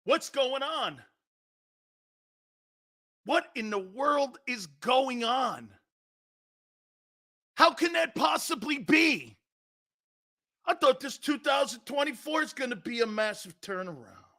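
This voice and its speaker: A man hosting a rowdy sports talk show, shouting and taunting as he mocks. His voice sits high and swings widely in pitch, with a gravelly edge. He drags out his words at a slow pace, and his tone is bright. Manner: shouting, taunting, laughing, wildly excitable. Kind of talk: loud mocking sports talk.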